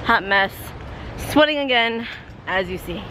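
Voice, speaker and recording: A woman vlogging her family day, talking in an expressive, excitable way and dropping in Spanish phrases. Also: a little high, unhurried, background noise. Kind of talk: casual daily vlog. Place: home, then outside in a parking lot.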